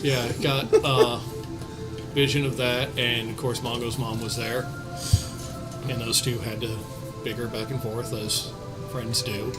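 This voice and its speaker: A relaxed man recaps the last tabletop session in a loose, chatty way, trailing off often. His voice sits at a middle pitch, with music playing underneath. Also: a little slow, pauses often, poor audio. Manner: laid-back, trailing off with fillers and laughs. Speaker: podcast co-host recapping a tabletop campaign. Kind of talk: casual recap chat.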